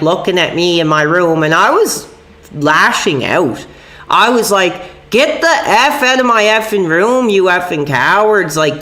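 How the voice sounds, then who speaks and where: Young man, livestreamer, bright tense voice, somewhat high, rambling, casual, says dude a lot. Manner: casual, agitated, peppered with "dude" and minced swears. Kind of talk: rambling live-stream chat. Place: at home, upstairs room.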